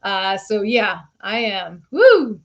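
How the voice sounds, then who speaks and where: A woman's voice: medium pitch, brisk, muffled recording. A woman in her forties, a physical therapist, hosting a casual live stream, jet-lagged and chatty, greeting viewers by name and correcting herself as she goes. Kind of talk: casual live-stream chat reading out viewer shout-outs. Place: home studio in Florida.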